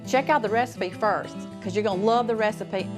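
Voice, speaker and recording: A woman's voice: medium pitch, brisk, over music. A woman with an American accent co-hosting a cooking show, chatting in a homey way as she serves and tastes a salad. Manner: chatty and homey, thinking aloud while serving. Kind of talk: casual cooking show chat.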